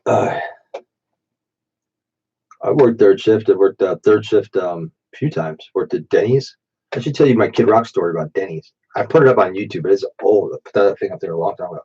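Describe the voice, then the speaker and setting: A man in his late thirties rambles through profane stories on a late-night stream. His voice is low, dark and husky, thickened by a stuffy allergic nose. It comes through a dull, muffled default mic. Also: fairly quick. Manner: profane, rambling, drinking while talking. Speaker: live-stream host.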